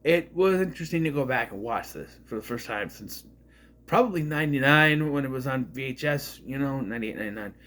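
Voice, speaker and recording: A man's voice: mid-range voice, lively intonation, brisk, a bit bright. A man in his thirties giving a casual, rambling movie review, retelling scenes and acting out the characters' lines.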